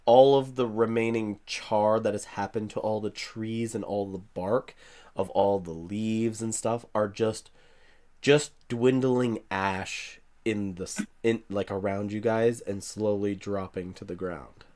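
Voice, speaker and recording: A man's voice: on the low side, steady tone, a little slow, a little mellow. A man narrating as game master of a tabletop game, describing scenes casually with fillers.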